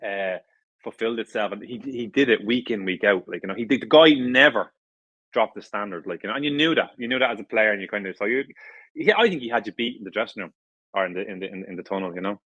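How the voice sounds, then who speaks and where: Dry-sounding Irish ex-footballer, rambling. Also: male voice, fairly low pitch, fast talker, no room sound, muffled recording. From Ireland. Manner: rambling, many restarts and fillers, animated. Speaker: former footballer, podcast guest. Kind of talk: casual interview storytelling.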